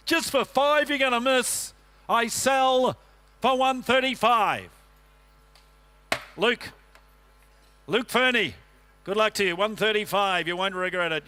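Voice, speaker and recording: A man working as an auctioneer, rattling off bids in a quick rhythmic chant and coaxing bidders. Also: sits high, bright, forceful tone, smooth. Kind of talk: livestock auction calling.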